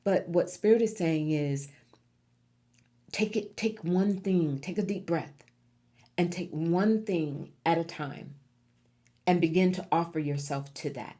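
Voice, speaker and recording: A woman with a low voice reads tarot cards for viewers. She is encouraging and emphatic, and she leans on repeated key words to drive each point home. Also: takes it slowly, long pauses, dark tone. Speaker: tarot reader. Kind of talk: pick-a-card tarot reading.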